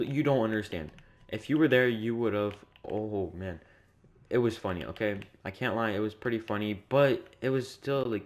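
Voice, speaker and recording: A young man telling a story in a casual, rambling, repetitive way, sounding exasperated. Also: lowish voice. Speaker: vlogger.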